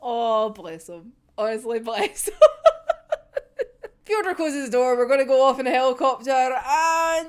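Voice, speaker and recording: A woman's voice: high-pitched, big pitch swings, slow, pauses often. Giggly, sweary young woman reacting. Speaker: manga reviewer. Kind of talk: casual chapter reaction.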